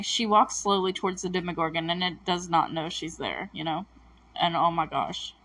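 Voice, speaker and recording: A woman's voice: lowish voice, fairly bright tone, breathy edge. A woman recapping a TV episode in a chatty, emotional way, with lots of fillers and self-corrections. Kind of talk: casual recap commentary.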